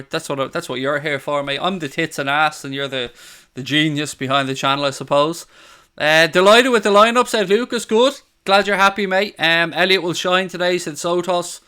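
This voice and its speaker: An Irish man hosts a relaxed football live stream from his living room, talking straight into a studio mic. His voice sits a little high and sounds bright and smooth. He jokes, swears casually and reads viewers' comments aloud. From Ireland. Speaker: football channel host. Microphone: studio condenser mic on a stand.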